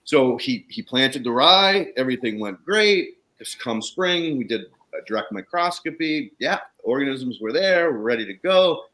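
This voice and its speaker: A man's voice: medium pitch, animated, unhurried, few pauses, bright, forceful tone. A man guest telling stories in casual conversation, blunt and swearing freely. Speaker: guest, soil consultant.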